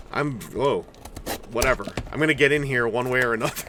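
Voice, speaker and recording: A man's voice: medium pitch, fairly quick, noisy background. A man giving casual, rambling commentary while building and unboxing a collectible toy, with jokey asides. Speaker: toy reviewer.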